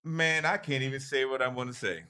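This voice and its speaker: A man on a racing talk show telling his side of an argument in profane, animated casual chat. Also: medium pitch, brisk, clean tone. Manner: animated, profane, talks over others.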